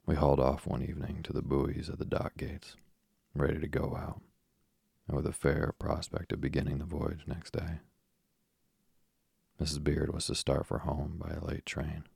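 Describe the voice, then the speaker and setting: A man with a deep gravelly voice, reading a story aloud slowly and softly for sleep. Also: no echo, clean studio sound. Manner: soft, even, unhurried delivery. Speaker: narrator.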